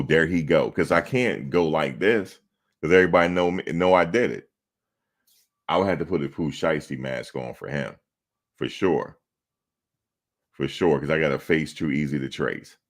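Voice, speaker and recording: A man with an exceptionally deep voice hosts a sports talk show. He banters loosely with viewers in the chat, mocking them and repeating lines for laughs. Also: moderate pace, pauses often. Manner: trash-talking, mocking, repeats himself for laughs. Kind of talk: casual chat responding to live chat.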